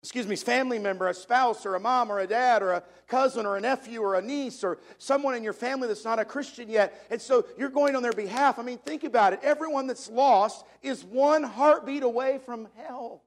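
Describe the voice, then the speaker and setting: A man's voice: very high-pitched, a little fast, few pauses. A man preaching a sermon to a congregation, repeating key phrases for emphasis in a preacher's cadence. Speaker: pastor.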